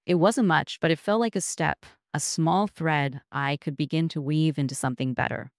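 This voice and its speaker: Woman narrator, low voice, measured and reflective first-person storytelling, dry close sound. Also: no room sound.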